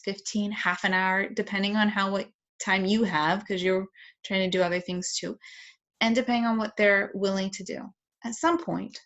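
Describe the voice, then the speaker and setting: A woman's voice: medium pitch, a bit bright. Patient woman teaching parents about play. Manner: patient, explanatory, plays out toy voices. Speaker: parenting educator. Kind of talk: instructional talk with toy demonstration.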